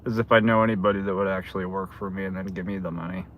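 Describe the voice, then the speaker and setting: A man's voice: low-pitched, steady tone, rapid-fire, a little hiss or hum. A man in his seventies chatting casually on a livestream while driving deliveries, greeting viewers by name. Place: in a car.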